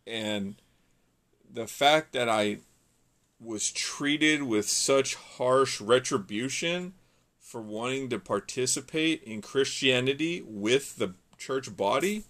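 A man's voice: medium pitch, animated, slow pace, a bit bright. A young man from California giving an earnest, rambling personal testimony, full of restarts and fillers.

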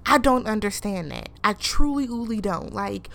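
A woman recapping a reality show in casual commentary, animated and incredulous, acting out what people said and asking rhetorical questions. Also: medium pitch, measured pace, creaky, hardly any pauses. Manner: acts out quoted people.

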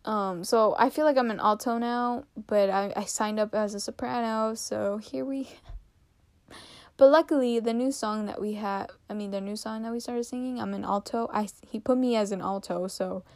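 A woman's voice: mid-range voice, steady tone, normal speed, hardly any pauses, dry recording. Giggly, rambling young woman, dry sound. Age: late teens. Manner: rambling, giggly, self-mocking. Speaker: podcast host. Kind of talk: casual chat.

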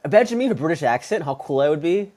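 A man hosting an interview, chatty and halting, with many restarts and "like"s. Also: a little high, animated, a little mellow. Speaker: podcast host. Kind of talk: casual interview chat.

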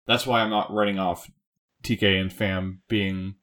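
A man with a lowish voice co-hosting a casual podcast. He explains at length, leaning on filler words and restarting his sentences. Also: flat delivery, measured pace, a bit bright. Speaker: podcast co-host. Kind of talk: casual chat.

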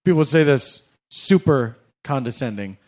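A man's voice: mid-range voice, lively intonation, moderate pace, a little mellow. A man doing a comic monologue, sarcastic and mock-formal, often laughing as he talks. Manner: laughs through his words. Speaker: comedian.

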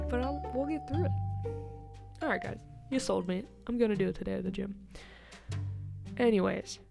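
Gravelly-voiced chatty young woman host. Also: medium pitch, moderate pace, pauses often, over music. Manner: chatty, rambling, laughs often, many "like" fillers. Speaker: podcast host. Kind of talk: casual solo podcast chat.

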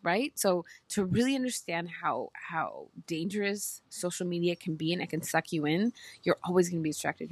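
Woman, podcast host, earnest, rambling, slightly low voice, dry close sound. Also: husky, no echo. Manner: emotional, earnest, rambling with restarts. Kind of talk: heartfelt casual talk.

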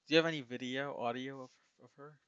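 A woman in casual chat who asks quick, curious follow-up questions. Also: rumbling low, fairly even intonation, clean tone, no room sound, lo-fi sound.

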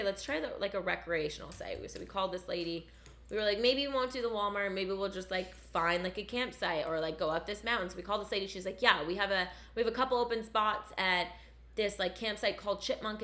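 A young woman from Canada telling a story in casual chat, animated and full of swearing and "like" fillers. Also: mid-range voice. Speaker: storyteller guest.

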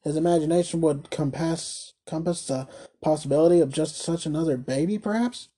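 A man reading a classic novel aloud as narrator, with a measured, slightly wry delivery. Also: on the high side, warm tone, slightly rough. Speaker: audiobook reader. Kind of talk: storybook narration.

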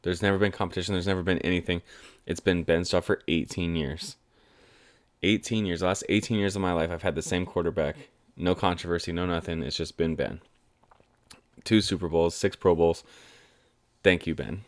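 Low-voiced young man talking football. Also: steady tone, normal speed, dry recording. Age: 20s. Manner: chatty, enthusiastic fan rambling. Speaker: sports commentator. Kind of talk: casual sports talk monologue.

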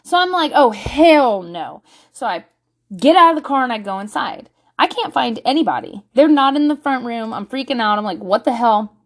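Speaking briskly in a slightly high voice, a woman in her thirties recounts a story in a casual, blunt way, full of profanity. She brings it to life by performing the quotes of the people involved.

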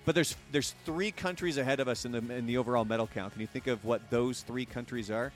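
A man hosting a casual live-streamed talk show, chatty and jokey, with an energetic quiz-host delivery. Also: medium pitch, fast talker, faint music behind.

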